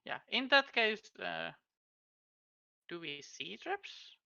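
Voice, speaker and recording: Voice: medium pitch, big pitch swings, slow pace, vocal fry, pushed and bright, smooth, no echo. A player at a tabletop game, thinking aloud tentatively. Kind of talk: casual chat at a tabletop game. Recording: dull, dry, lo-fi sound.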